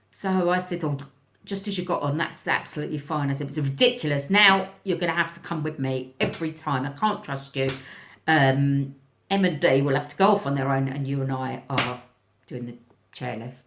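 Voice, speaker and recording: Lady teacher telling stories, lowish voice, throat clearing, echoey room. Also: a little fast. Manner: animated, acts out voices, frequent throat clearing. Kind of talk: casual storytelling to camera.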